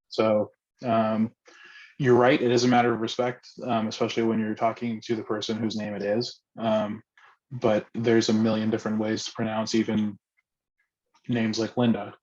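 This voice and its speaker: Hesitant man leading a discussion, flat-toned. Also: on the low side, moderate pace, dull audio. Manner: hesitant, many ums and restarts. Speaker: discussion facilitator. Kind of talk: online group discussion.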